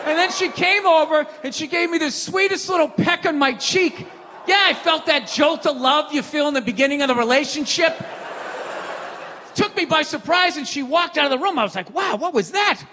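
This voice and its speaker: Male stand-up comic, exasperated profane shouter, piercing high voice, faint hiss. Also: moderate pace, long reverb tail. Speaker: stand-up comedian. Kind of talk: stand-up comedy rant.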